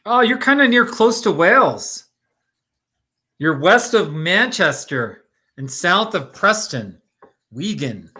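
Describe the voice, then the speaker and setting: A middle-aged American man hosts a relaxed live chat, calling out viewers by name and laughing easily. His voice sits fairly high and very bright. He takes his time, talking at an easy, unhurried pace. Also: husky. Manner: chatty, laughs often, talks to viewers by name. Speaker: livestream host. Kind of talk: casual live chat reading comments. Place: Colorado.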